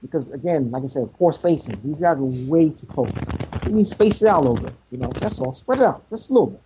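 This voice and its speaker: On a podcast, a male co-host talks sports casually but emphatically, repeating himself for effect. His voice runs on the high side and he speaks fast and animatedly. The audio is muffled and lo-fi, with background noise.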